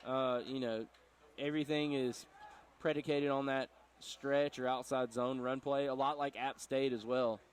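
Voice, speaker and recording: A man's voice: mid-range voice, steady tone, unhurried, a little hiss or hum. A man giving chatty, analytical color commentary on a football game, with rambling asides. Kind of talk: sports commentary.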